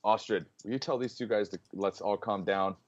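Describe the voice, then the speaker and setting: A man playing a tabletop game, pushing another player to act. His voice is very low, and the sound is dull and lo-fi. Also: fairly quick, no echo.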